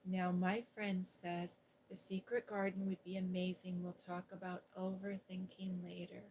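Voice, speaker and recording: A woman hosting a soft-spoken ASMR livestream, chatting gently with viewers and recapping a children's story in a sweet, cooing tone. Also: on the low side, little pitch movement, measured pace, slight background noise, low-quality recording. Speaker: ASMR host reading aloud.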